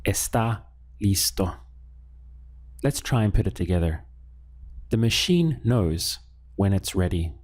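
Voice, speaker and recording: Male teacher, slow and patient, lowish voice, repeats phrases for learners. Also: animated, a little mellow. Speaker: Spanish teacher. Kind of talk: spoken language lesson. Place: lives in Latin America.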